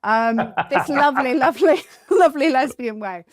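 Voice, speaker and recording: A woman talking as a guest on a podcast in a chatty, expressive way, laughing often. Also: sits high, normal speed, no echo, clean studio sound. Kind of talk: casual chat.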